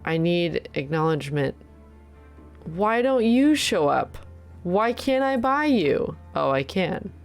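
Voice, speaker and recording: A woman's voice: on the low side, sing-song, takes it slowly, faint music behind. A young woman streaming a game, chatting casually, exclaiming and thanking viewers as she plays. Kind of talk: casual live-stream chat while playing.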